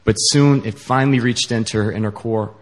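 A man preaching a sermon in an earnest, halting way, with many fillers. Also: fairly low pitch.

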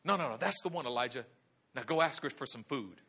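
A preacher voicing God as a calm, commanding male figure who speaks in a low, steady, patient way. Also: quick pace, slightly rough, full character voice.

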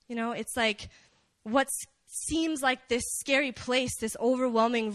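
A young woman preaching casually at a prayer meeting, animated and chatty, joking with the listeners. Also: a little high, no echo. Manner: animated, chatty, jokes with the crowd. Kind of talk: casual sermon.

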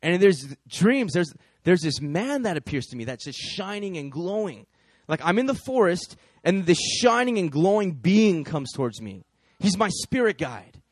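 A man voicing an excitable young man who rambles with lots of filler words. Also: high-pitched, normal speed, dry recording, studio quality. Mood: awed.

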